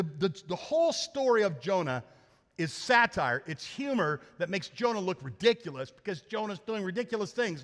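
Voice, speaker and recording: A man's voice: high voice, fairly bright tone. A man preaching a sermon as lead pastor in a church, talking in a conversational, joking way and asking the congregation rhetorical questions. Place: church sanctuary. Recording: long church reverb.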